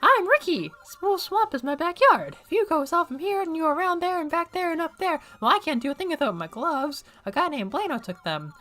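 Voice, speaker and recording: A woman's voice: very high-pitched, expressive, a little fast, few pauses, a bit bright, faint music behind, pitched above the performer's own voice. A woman reading out a cheerful, boastful young male kangaroo from a video game in an exaggerated voice. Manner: bouncy, exaggerated read-aloud.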